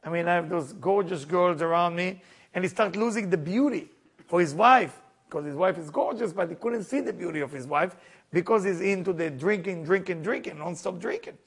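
Gravelly high-voiced man telling a story. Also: brisk. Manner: broken non-native English grammar. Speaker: storyteller teaching a spiritual lesson. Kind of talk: storytelling sermon.

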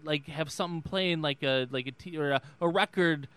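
A man's voice: on the high side, fairly quick, fairly bright tone, clean tone, dry recording, lightly acted. A man putting on a rambling older male politician who stumbles and repeats himself. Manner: stumbling, repeats words, trails off. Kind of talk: casual chat.

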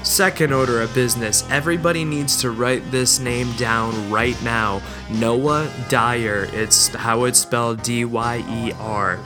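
A man's voice: medium pitch, fairly even intonation, measured pace, few pauses, over music. A man hosting his own podcast, talking casually and rambling with hesitant asides. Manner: rambling, self-deprecating, hesitant. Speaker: podcast host.

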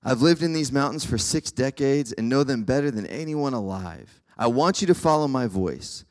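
A man's voice: medium pitch, animated, moderate pace, darkish tone, voice pushed up, lightly acted. A man voicing an assured old mountain guide. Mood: urgent reassurance. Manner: urgent, reassuring, commanding. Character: older male mountain guide, calm and assured.

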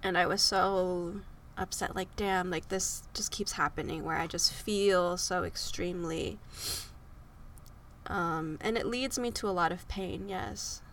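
A woman's voice: lowish voice, measured pace, a bit bright, slight background noise. A young woman in her twenties hosting a podcast, talking through a personal story in an emotional, tearful way and laughing at herself. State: sniffly from crying. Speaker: podcast host. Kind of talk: personal confessional monologue. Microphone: close microphone.

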